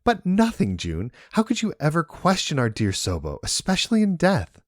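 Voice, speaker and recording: A man putting on a shrill, greedy young woman. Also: wildly swooping pitch, normal speed, no echo, studio quality. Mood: indignant. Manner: shrill, whiny, demanding. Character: impatient greedy young woman, the narrator's sister.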